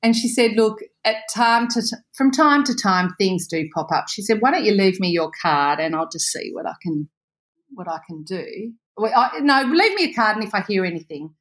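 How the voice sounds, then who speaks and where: A woman telling a story in a casual chat, animated, laughing often and acting out the voices of the people in it. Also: medium pitch, normal speed.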